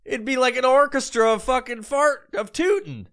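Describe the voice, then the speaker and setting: A man rants for laughs in a loose, profane, rambling way, hopping from bit to bit. His voice sits high and bright, with a smooth, crisp sound. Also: normal speed. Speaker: podcast host. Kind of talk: comedic rant.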